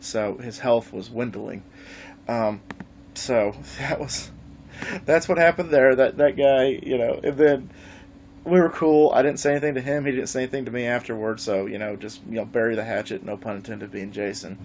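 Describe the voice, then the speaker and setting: Man, gaming vlogger, mid-pitched voice, faint hum behind, lively storytelling, casual. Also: normal speed. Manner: animated storytelling, swears freely. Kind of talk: casual livestream chat.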